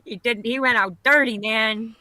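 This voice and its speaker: A middle-aged woman from Pennsylvania talks in a loose, rambling way, swearing bluntly as she tells her story. Her voice is bright and forward, and the recording is close and dry, with no room sound. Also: fairly high pitch, fairly even intonation, moderate pace, no echo. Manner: rambling, profane, blunt storytelling with frequent laughs. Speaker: caller telling a personal story. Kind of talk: casual chat.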